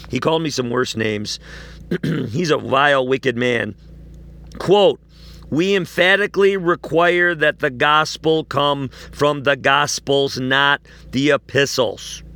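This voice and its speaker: A man with a fairly high voice delivers a heated religious commentary. He reads quotes aloud, then answers each one with blunt, accusing emphasis. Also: fairly bright tone. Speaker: online preacher. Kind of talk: polemical commentary reading quotes.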